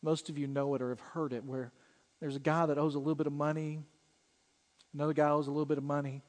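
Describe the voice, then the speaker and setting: A high-pitched male pastor preaching in a church sanctuary, his voice trailing off into a long hall reverb. He speaks earnestly and directly, and picks up volume and speed as he tells stories. The tone is that of a Sunday sermon. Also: level tone. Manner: earnest, direct preaching that gets louder and quicker when retelling a story.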